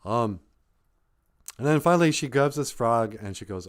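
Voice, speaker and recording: A man's voice: medium pitch, lively intonation, normal speed. Give me a man telling a joke story on a live stream, loose and off-the-cuff. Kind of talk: rambling comic storytelling.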